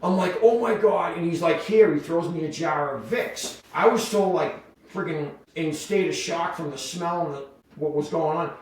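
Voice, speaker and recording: Male podcast guest, animated storyteller, voice a little high, off-mic in a very echoey room. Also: moderate pace, few pauses, distant mic. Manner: animated, full of "like" fillers and voiced quotes. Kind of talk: casual storytelling.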